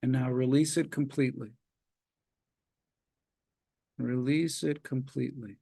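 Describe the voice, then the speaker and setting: A man, a psychologist leading a webinar, calmly guides listeners through progressive muscle relaxation with slow step-by-step cues and long pauses, speaking over a video call. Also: mid-range voice, vocal fry, breathy edge.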